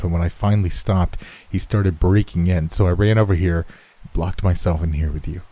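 A man narrates a horror story in a steady, measured scripted reading. His voice sits very low, with a dark, mellow tone. It has a slightly husky, breathy edge.

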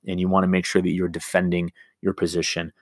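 Deep-voiced male teacher explaining an assignment. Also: monotone, fast talker, no room sound, studio quality. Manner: explains step by step, many fillers and restarts. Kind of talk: recorded remote lesson.

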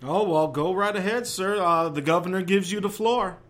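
A man hosting a live sports call-in show, loud, hyped and playful with callers. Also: sits high, moderate pace. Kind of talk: live call-in radio chat.

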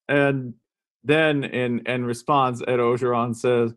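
A man's voice: mid-range voice, steady tone, slow. A man hosting a comedic podcast, joking around and laughing often. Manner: jokey, laughs often, bursts into silly voices. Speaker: podcast host.

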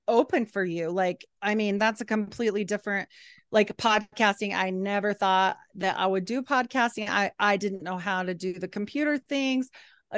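A woman hosting a casual podcast chat, her voice smooth and clear. The sound is dry and close with no room in it. She speaks in an earnest, encouraging way. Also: medium pitch, no echo. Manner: earnest, encouraging, laughs often. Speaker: podcast host.

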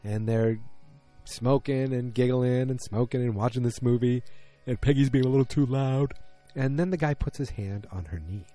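A man's voice: mid-range voice, normal speed, warm tone, soft background music. A man casually recapping a TV episode, rambling and correcting himself mid-sentence in loose, slangy talk.

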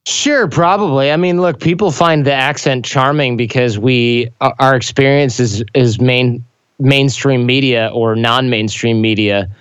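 A man talking bluntly and jokingly in a casual podcast chat, quick with opinions. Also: mid-range voice, smooth, dry recording, muffled recording.

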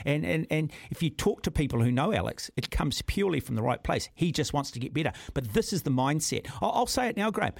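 A man's voice: a little high, expressive, quick pace, gravelly, hardly any pauses, no room sound, studio quality. A man with a New Zealand accent hosting talkback radio, blunt and combative, often calling his caller mate. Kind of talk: opinionated talk radio. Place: radio studio.

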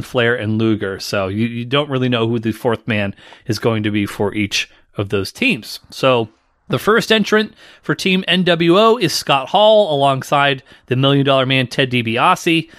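A man's voice: mid-range voice, a bit bright, no room sound, clean studio sound. A man co-hosting a podcast, recapping a wrestling match in casual chat and teasing his partner. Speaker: podcast co-host.

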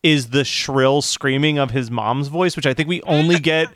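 A man co-hosting a podcast in casual chat, relaxed and laughing as he talks. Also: on the high side, moderate pace, dry recording, studio quality. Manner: relaxed, laughs while talking. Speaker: podcast co-host.

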